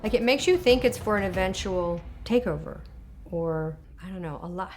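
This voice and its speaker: A woman's voice: fairly low pitch, lively intonation, normal speed, faint music behind. Woman telling a vivid emotional story. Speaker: interviewee. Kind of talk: documentary interview recounting an experience.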